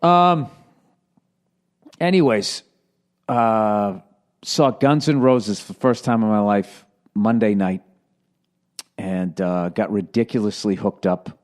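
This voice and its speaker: Taking his time, a man in his forties with a fairly low, darkish voice hosts a casual solo podcast. With his Boston accent, he spins rambling, sarcastic stories and swears without holding back.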